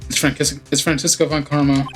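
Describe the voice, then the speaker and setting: A man's voice: on the high side, level tone, brisk, fairly bright tone, faint music behind, voice pushed down, natural voice. A man voicing a terrified young woman witness. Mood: frightened. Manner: stammering, pleading. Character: frightened young female witness on trial. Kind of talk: game dialogue read aloud.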